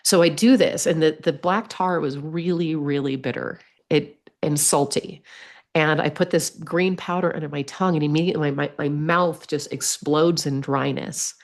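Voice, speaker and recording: A woman telling a personal story as a podcast guest, lively, acting out the voices she quotes. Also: deep voice, moderate pace. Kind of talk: storytelling in conversation.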